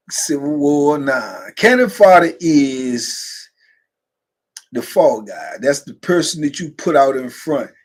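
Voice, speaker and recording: A man's voice: medium pitch, slightly rough. A man hosting a livestream, telling loose, laughing stories and answering viewer comments as he goes. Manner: laughing, loose conversational storytelling with frequent asides. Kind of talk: casual storytelling to a live chat.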